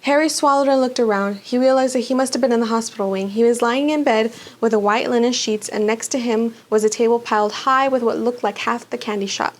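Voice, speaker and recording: Lady reading a kids' fantasy book out loud, dramatic and expressive, kinda high voice. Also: fast talker, few pauses. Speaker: book club reader. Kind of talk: storybook read-aloud.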